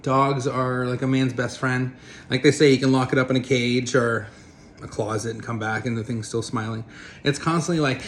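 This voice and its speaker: A man rambles through a loose, blunt rant to camera, swearing casually between filler words. His pitch sits in the middle range for a man, and faint room noise hums behind him. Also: steady tone, moderate pace. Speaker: vlogger.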